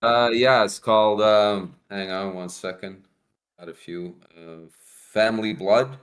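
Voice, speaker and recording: A man calling in to a live stream, chatting casually in a relaxed, hesitant way with many fillers. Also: fairly low pitch, unhurried. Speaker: caller. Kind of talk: casual chat on a call.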